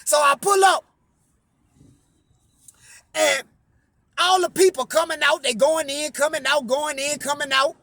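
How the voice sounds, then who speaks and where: A man's voice: extremely high pitch, fairly even intonation, measured pace, gravelly, pauses often, sharp tone, dry recording. A man telling a personal story in a profane, emphatic way, framing each quote with "I say". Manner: repeats "I say" to frame quotes, emphatic.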